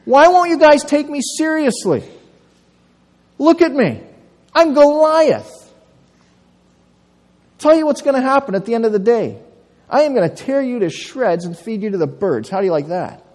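A preacher voicing an arrogant giant warrior who shouts taunts at his enemies. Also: extremely high pitch, very animated, normal speed, long pauses, voice pushed up. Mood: indignant boasting. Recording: long church reverb.

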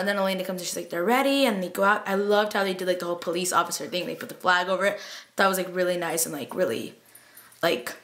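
A woman's voice: medium pitch, bright, forceful tone. A young woman chatting through a TV episode recap late at night, gushing and tired, filling her talk with "like" and paraphrased quotes. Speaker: vlogger reviewing a TV episode.

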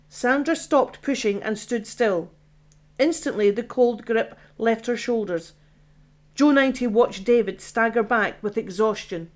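A woman, the author, reading her own science fiction horror audiobook in a steady storytelling manner. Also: a little high, moderate pace. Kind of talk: audiobook narration.

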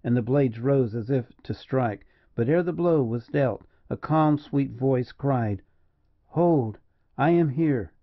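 A man giving a measured, dramatic audiobook narration. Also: medium pitch, muffled recording. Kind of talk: scripted narration.

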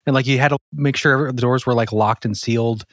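A man co-hosting a podcast, chatting casually and musing quickly, thinking aloud with fillers. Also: mid-range voice, fairly even intonation, a bit bright, no room sound, clean studio sound. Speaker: podcast co-host. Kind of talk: casual chat.

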